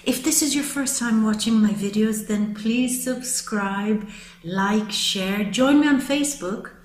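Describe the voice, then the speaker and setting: A woman's voice: a little high, unhurried, echoey room, low-quality recording. A woman giving a monthly tarot reading to camera, talking to her viewers in an affectionate, gushing way. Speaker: tarot reader.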